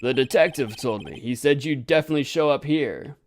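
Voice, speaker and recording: A man's voice: medium pitch, brisk, a little hiss or hum, close to an everyday voice. A man voicing an earnest young male defense attorney from a video game, asking questions in a slightly raised voice.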